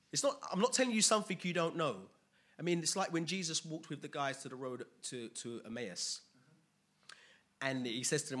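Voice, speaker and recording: Husky, bright-voiced preacher. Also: male voice, a little high, lively intonation, normal speed. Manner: conversational, swings between quiet asides and loud emphatic bursts. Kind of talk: sermon.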